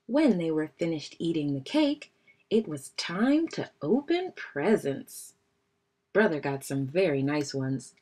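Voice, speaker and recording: A woman reading a children's picture book aloud in an expressive storytelling manner. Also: sits low, takes it slowly. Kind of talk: children's read-aloud narration.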